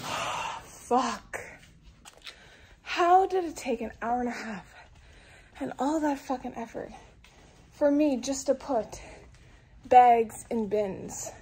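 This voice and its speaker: High-voiced frank young woman vlogging. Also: darkish tone, low-quality recording. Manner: frank, profane, exasperated rambling. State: tired and sweaty. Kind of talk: casual vlog chatter. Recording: phone vlog with clear background noise.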